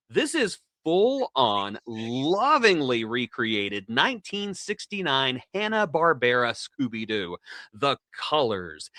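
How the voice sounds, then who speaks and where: A man co-hosting a podcast, recapping an episode in an animated, theatrical, jokey way. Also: mid-range voice, no room sound, clean studio sound. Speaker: podcast co-host. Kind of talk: enthusiastic casual podcast recap.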